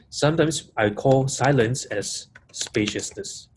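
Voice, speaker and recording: A man's voice: medium pitch, moderate pace, a little mellow, a little hiss or hum. A man giving a webinar talk to coaches, repeating key points and stressing single words. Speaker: coaching trainer. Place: live audience room.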